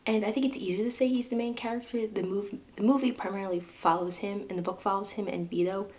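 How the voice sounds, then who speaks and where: A woman's voice: mid-range voice, fairly even intonation, fast, darkish tone. A young woman with a New York accent hosting a casual podcast, chatting about a book and its film with asides to her listeners. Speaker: podcast host.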